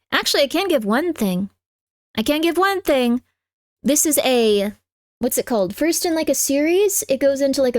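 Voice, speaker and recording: A woman streamer chatting casually at home, talking fast with lots of "like" and letting out sudden loud yelps at her cat. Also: high-pitched, no room sound, clean studio sound. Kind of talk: casual live-stream chat. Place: home room with cats.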